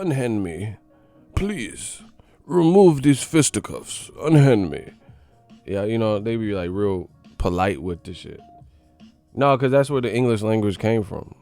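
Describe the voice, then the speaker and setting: A man hosting a boxing channel livestream, chatting casually with slangy, profane banter and shout-outs to viewers. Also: lowish voice, smooth, no room sound. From California.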